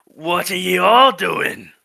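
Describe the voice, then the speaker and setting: A man voicing a huge, old, gruff but kindly male tree-creature in a gravelly voice and a mock Scottish accent that slips into Australian. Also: sits high, bright, forceful tone, pitched above the performer's own voice, exaggerated voice. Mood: gruff, friendly. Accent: mock Scottish slipping into Australian. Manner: slow, drawn-out delivery.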